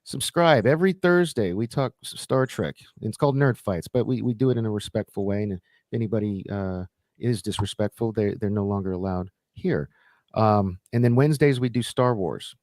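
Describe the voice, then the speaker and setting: A man with a fairly low voice hosts a relaxed live stream, chatting casually and retelling scenes by acting out the quoted lines. The sound is dry and close, with no room echo. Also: normal speed. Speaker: host.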